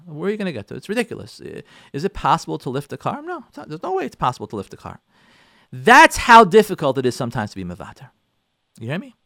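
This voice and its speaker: A man, a rabbi hosting a talk show, giving a lively motivational talk on marriage and repeating phrases for emphasis. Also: high voice, no echo, studio quality.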